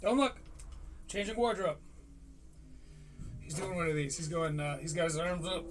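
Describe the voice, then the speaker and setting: A man's voice: fairly high pitch, moderate pace, background noise. A man hosting a live stream, reviewing a podcast in a heated, sarcastic rant.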